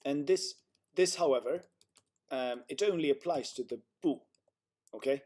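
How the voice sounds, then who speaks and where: Patient male language tutor, dark tone. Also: medium pitch, normal speed. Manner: patient, explaining with many fillers and restarts. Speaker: Chinese tutor. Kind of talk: one-on-one language lesson.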